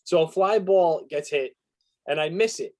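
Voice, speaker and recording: High-voiced man telling profane stories. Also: moderate pace. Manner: animated, profane, acts out his own yelling. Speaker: podcast co-host. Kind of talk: casual chat.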